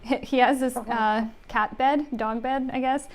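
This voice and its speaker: Chatty, slightly high-voiced woman co-host. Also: steady tone, measured pace. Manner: chatty, adds details and chimes in. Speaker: livestream co-host. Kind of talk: casual live chat.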